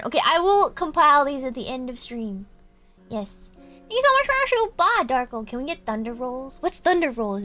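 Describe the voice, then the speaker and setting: A woman streamer chatting casually and reading out viewer donations, often calling her viewers "Cookie" and letting phrase endings drop softly. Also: high voice. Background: faint background music.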